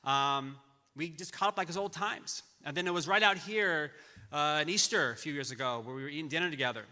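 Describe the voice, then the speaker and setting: A middle-aged man's fairly high, very bright voice carries through a big church hall with a long reverb. He tells a personal tribute in stops and restarts. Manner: halting storytelling with many restarts. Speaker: friend giving a memorial tribute. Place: large church auditorium.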